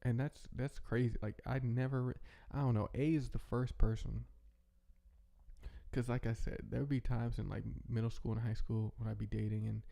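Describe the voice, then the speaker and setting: Laid-back man with a dark gravelly voice. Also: mid-range voice, normal speed. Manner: rambling and relaxed, lots of fillers and restarts. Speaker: host. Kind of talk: casual reflective monologue.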